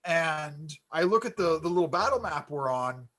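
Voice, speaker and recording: Animated man telling a game story. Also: a little high, normal speed, low-quality recording. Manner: animated storyteller, acts out quotes with rising excitement. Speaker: podcast co-host. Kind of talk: casual storytelling chat.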